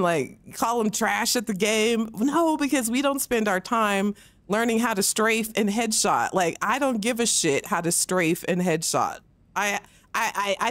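On a dry recording, a woman with a fairly high voice rants heatedly while gaming on a livestream. She's close to the mic, swears a lot and often mocks others in put-on voices.

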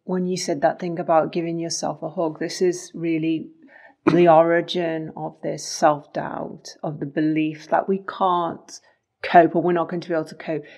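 A woman with a fairly low voice talks through ideas in a calm, thoughtful way. She sounds like a co-host in a reflective conversation. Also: moderate pace. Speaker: podcast co-host.

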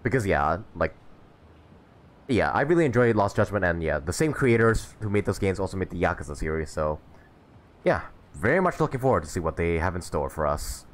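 A man's voice: low-pitched, sing-song, a little fast. Sniffly sick male game streamer. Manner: laid-back, chatty, laughs often. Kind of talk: casual live gameplay chat.

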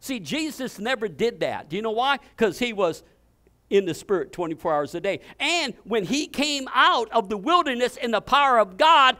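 A pastor preaching an impassioned sermon, swinging between loud declarations and hushed, intimate passages. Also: male voice, extremely high pitch, very animated, normal speed.

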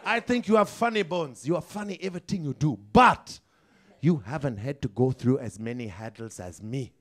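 South African accent, smug bigoted elephant, stiff deadpan delivery, voiced by a man. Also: medium pitch, voice pushed down, lightly acted. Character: smug bigoted male elephant, self-satisfied.

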